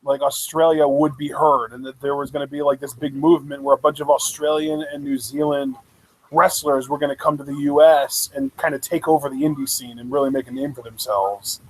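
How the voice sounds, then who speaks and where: A man co-hosting a live wrestling reaction chat, excitable, rambling and laughing often. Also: medium pitch, fairly quick, slight background noise, poor audio. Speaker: co-host of a wrestling reaction show.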